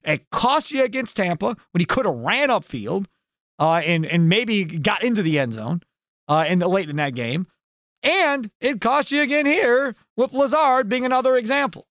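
A man hosting a sports talk radio show from a studio, talking in an animated, emphatic way and readily agreeing with callers. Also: sits high, moderate pace, dry recording. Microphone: studio microphone.

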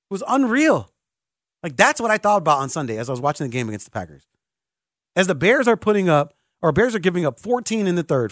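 A man hosting sports talk radio, swinging his pitch widely as he vents like an exasperated fan. His voice sits a little high and sounds dry and close to the mic. He mocks himself between rants. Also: no echo. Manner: animated, exasperated fan venting with self-mocking asides.

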